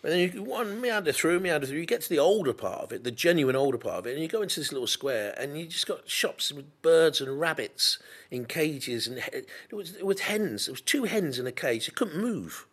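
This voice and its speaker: A man's voice: fairly high pitch, very animated, brisk, fairly bright tone, slightly rough. Rambling middle-aged man telling stories. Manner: rambling storyteller, lots of restarts. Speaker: podcast co-host. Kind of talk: casual chat.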